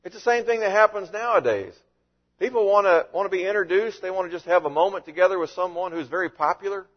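A man preaching a sermon as a pastor, with animated delivery and frequent rhetorical questions. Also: sits high, quick pace, lo-fi sound.

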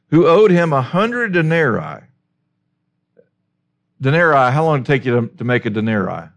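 A man preaching a sermon as a pastor, emphatic and full of rhetorical questions. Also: medium pitch.

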